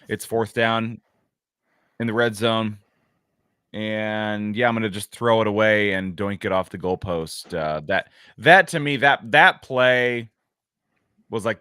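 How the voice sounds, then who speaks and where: A man's voice: on the low side, fairly bright tone, no echo, clean studio sound. A man co-hosting a sports podcast, musing wryly with lots of hesitations in casual chat. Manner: rambling, hesitant, wry. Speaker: podcast co-host.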